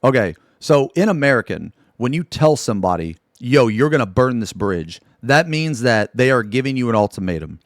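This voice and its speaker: A male streamer talking to his chat in a loose, cursing ramble, circling back and restarting his sentences as he goes. His voice sits at an ordinary middle pitch for a man. It is recorded close and dry, with no room sound. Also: very animated, moderate pace, hardly any pauses, dry recording. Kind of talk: casual live-stream storytelling.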